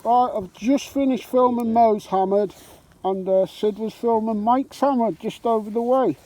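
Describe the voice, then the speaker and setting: A man's voice: sits high, a little slow, dark tone. A man narrating a casual metal detecting vlog in an open field, chatting cheerily while he films. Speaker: metal detecting vlogger filming the hunt. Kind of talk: casual on-camera chat. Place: open farm field outdoors. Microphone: handheld camera. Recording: outdoor noise in a field.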